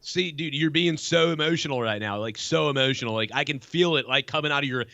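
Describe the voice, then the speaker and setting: A man's voice: a little high, quick pace, creaky, sharp tone, dry recording, dull audio. A man calling into a show, taunting and repeating the same insults over and over. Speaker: caller.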